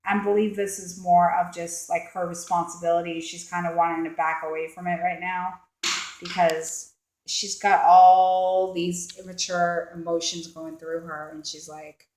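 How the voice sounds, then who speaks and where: A woman reads tarot cards in a casual, meandering way, full of "you know" and "like" as she voices what the people in the cards might be thinking. Her voice sits a little low for a woman. The sound is roomy, with a clear echo around her. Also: flat delivery, unhurried, a little mellow. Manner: rambling, filler-heavy, acts out quoted thoughts. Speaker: tarot card reader. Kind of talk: casual tarot reading to camera.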